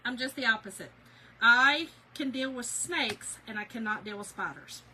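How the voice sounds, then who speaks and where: This craft channel host chats casually from home with her livestream viewers, a chatty, animated storyteller who laughs often. Her voice runs on the high side with a breathy edge, at a moderate pace, and the recording is rough.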